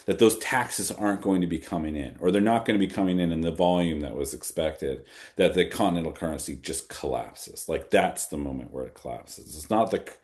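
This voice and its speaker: Low-voiced man explaining at length. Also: dark tone. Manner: thinks aloud, repeats phrases for emphasis. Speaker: author answering audience questions. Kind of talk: conversational Q&A at a fireside chat.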